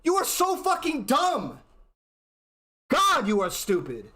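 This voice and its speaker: A man's voice: very high-pitched, wildly swooping pitch, bright, forceful tone. Exasperated male streamer ranting. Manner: exasperated, profane, rapid restarts. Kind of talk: heated livestream rant.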